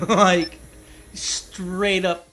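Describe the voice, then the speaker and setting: A man's voice: high voice, level tone, extremely slow, a crowd in the background, rough recording. A young man gaming at home, telling a long rambling story, laughing often and calling people dude and man. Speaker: gaming streamer. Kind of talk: casual storytelling while gaming.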